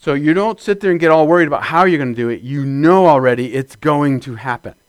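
A man preaching a sermon, building from steady teaching to loud shouted amens. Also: on the high side, fast talker, smooth, no echo. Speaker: pastor.

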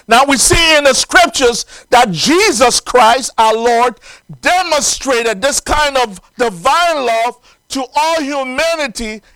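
A man's voice: very high voice, slow pace, sharp tone, smooth, dry recording, poor audio. A man preaching a sermon in an earnest, emphatic way, stressing single words as he explains scripture.

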